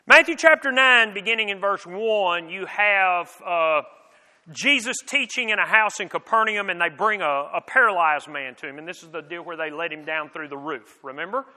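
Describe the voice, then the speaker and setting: A man's voice: sits high, animated, moderate pace, pushed and bright. A man preaching a sermon in an earnest, conversational way, with frequent restarts and rhetorical questions. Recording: long reverb of a large hall.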